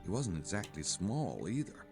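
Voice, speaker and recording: A wry male detective in a video game, speaking in a very deep voice with lively swings of pitch. Clear game music sits behind his dry remarks. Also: normal speed. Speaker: game protagonist.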